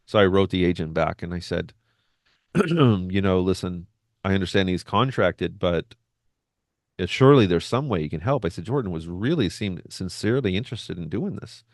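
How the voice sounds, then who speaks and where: A man's voice: deep voice, normal speed, dry recording, studio quality. A man who works as a recovery coach, telling a personal story in a casual monologue and acting out the quotes. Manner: animated retelling with acted-out quotes.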